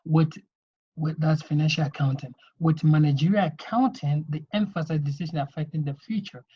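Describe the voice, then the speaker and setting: Husky man teaching with repeated "okay?". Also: a little high, fairly even intonation, moderate pace. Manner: explanatory, repeats "okay?" to check understanding. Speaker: accounting teacher. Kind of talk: video lesson lecture. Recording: dull lo-fi recording.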